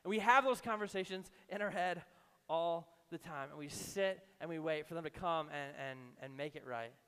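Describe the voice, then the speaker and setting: High-voiced conversational preacher in a hall. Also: male voice, moderate pace, clean tone. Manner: conversational, acts out imagined voices, drops low and soft for emphasis. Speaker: pastor. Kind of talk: sermon.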